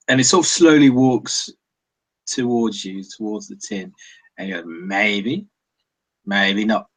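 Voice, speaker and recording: A man running a tabletop role-playing game, narrating scenes haltingly with many restarts. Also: mid-range voice, a bit bright, slightly rough, poor audio. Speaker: game master.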